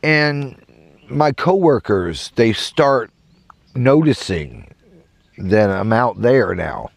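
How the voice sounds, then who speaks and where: Animated Southern man telling a rambling story. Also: mid-range voice, drawn-out words, gravelly. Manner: animated, rambling, acts out quoted voices. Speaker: podcast host telling a story. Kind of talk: casual storytelling.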